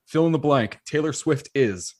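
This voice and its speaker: A man hosting a podcast, chatting casually and playfully firing off quick quiz questions at his guest. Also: medium pitch, animated. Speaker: podcast host. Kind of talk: casual interview chat.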